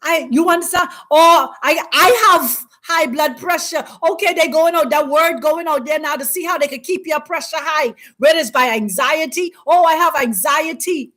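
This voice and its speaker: A woman hosting a spiritual teaching talk, speaking in an emphatic, preacherly way with repeated, drawn-out phrases. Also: high voice, bright, forceful tone. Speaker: host.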